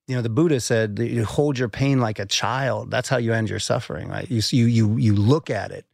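Gravelly man talking earnestly. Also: medium pitch, brisk, no echo, clean studio sound. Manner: earnest, reflective, swears casually, repeats words when starting. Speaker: guest. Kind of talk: conversational podcast talk.

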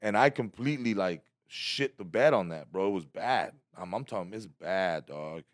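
Animated, profane storytelling man. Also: sits low, normal speed, dry recording, studio quality. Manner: animated, profane, acts out other voices. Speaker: stand-up comedian. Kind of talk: casual storytelling chat.

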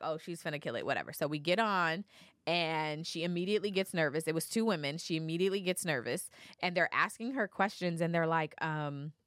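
A woman in her thirties co-hosting a podcast, telling stories in a lively, slangy way. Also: fairly low pitch, no echo, clean studio sound. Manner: animated storytelling, slangy. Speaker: podcast co-host. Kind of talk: casual chat.

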